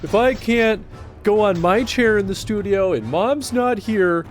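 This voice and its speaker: Man doing a high, sulky pet-dog voice, dramatic and excitable. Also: measured pace, soft background music. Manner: whiny, sulky and over-dramatic.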